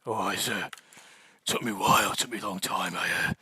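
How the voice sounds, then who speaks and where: A man voicing a short old dwarf tinkerer with a deep, gravelly voice and a mumbling manner. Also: fairly even intonation, brisk, pushed and bright, no room sound, exaggerated voice. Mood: proud.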